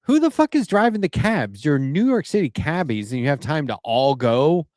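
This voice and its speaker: A man's voice: on the high side, sing-song, normal speed, a little mellow, no room sound, studio quality. A man co-hosting a podcast, telling rambling stories in casual chat and swearing casually. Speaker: podcast co-host.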